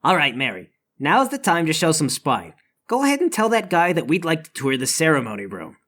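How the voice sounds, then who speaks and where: Player hamming it up all pompous and bossy, bright sharp voice, swoops around. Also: medium pitch, wildly swooping pitch, a little fast. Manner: pompous, commanding, bluffing. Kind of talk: in-character tabletop play.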